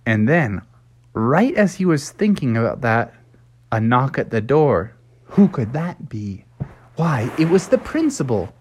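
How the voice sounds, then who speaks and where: A woman telling an improvised children's story to a child, playful and animated. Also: rumbling low, a little slow, breathy edge.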